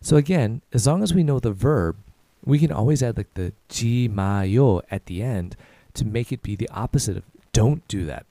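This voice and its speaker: Casual man teaching phrases, warm lively voice. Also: medium pitch, no room sound. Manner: repeats phrases slowly, then faster. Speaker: podcast host and Korean teacher. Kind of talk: casual language lesson.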